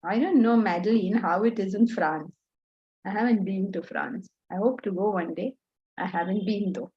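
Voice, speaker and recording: A woman with an Indian accent teaching Vedanta to students, animated and scolding, full of rhetorical questions. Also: mid-range voice, normal speed, highs cut off. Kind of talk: lecture to students.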